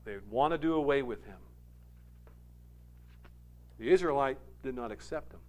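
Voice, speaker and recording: Animated Scottish man preaching. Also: medium pitch, normal speed. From Scotland. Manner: storytelling, animated and emphatic. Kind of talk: sermon.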